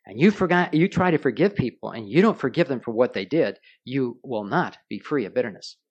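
A man preaching a sermon, telling stories and putting questions to his listeners. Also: mid-range voice. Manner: storytelling preacher, asks the congregation questions. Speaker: pastor.

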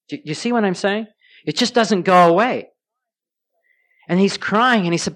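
A man's voice: high-pitched, animated, a little fast, pauses often, a bit bright. Storytelling man preaching a sermon. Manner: storytelling preacher, asks the congregation questions. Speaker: pastor.

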